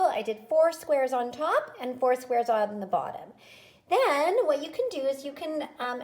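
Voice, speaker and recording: A cheerful woman music teacher leads a home lesson for young children, praising them often and spelling things out slowly. Her voice sits a touch high.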